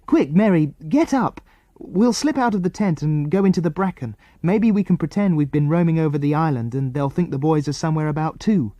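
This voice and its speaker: A man voicing a brave, quick-thinking young girl in a storybook reading, speaking urgently and earnestly. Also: a little high, warm tone, dry recording, voice pushed up, close to an everyday voice. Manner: urgent, earnest, breathless pleading.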